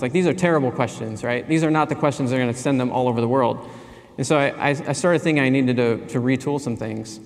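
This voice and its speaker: Man telling stories in an echoing hall. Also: medium pitch. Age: 40s. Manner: earnest, self-deprecating storytelling with pauses. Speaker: keynote speaker. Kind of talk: conference keynote storytelling. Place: large conference hall. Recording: reverberant hall.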